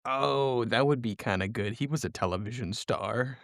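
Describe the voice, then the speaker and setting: A man co-hosting a casual podcast, pitching story ideas in easygoing, halting bursts. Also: gravelly, no room sound, clean studio sound. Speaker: podcast co-host. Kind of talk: casual story-planning chat.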